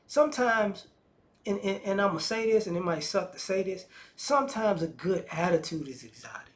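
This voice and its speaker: A man speaking gives a loose, slangy opinion monologue in a notably high voice. He talks in a lively, animated way and slips into acted-out voices of the people he describes. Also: normal speed. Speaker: commentator.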